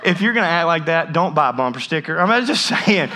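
A man's voice: a little high, lively intonation, brisk, sharp tone. A man in his thirties preaching a humorous sermon, telling a story with jokey asides and frequent restarts. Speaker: pastor.

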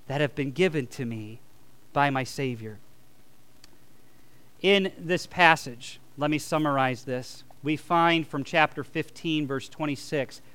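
A man's voice: fairly high pitch, fairly bright tone, clear, resonant tone, no echo. A male pastor preaching a sermon, reading scripture aloud and leading the congregation in call-and-response with emphatic peaks.

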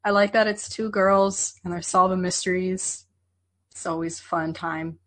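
A woman's voice: fairly low pitch, fairly even intonation, unhurried, fairly bright tone. A woman on a podcast panel in casual chat, talking in a wry, quizzical way.

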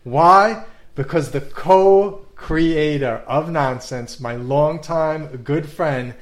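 A man from Long Island hosting a casual podcast chat, playful and animated, laughing often. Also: on the high side, slow pace. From Long Island, New York. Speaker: podcast host.

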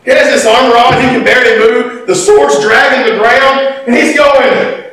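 A man preaching a sermon in folksy, animated storytelling style, breaking into sudden shouts. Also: very high-pitched, normal speed. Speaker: pastor. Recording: echoey hall, mic far off.

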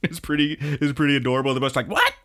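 A man hosting a podcast, casually retelling scenes and breaking into excited asides. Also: mid-range voice, rapid-fire. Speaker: podcast host. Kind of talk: casual episode recap.

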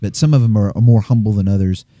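Man, mellow dark tone, rambling storyteller, dry close mic, casual chat. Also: on the low side, fast talker, dry recording. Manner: rambling storyteller who acts out voices.

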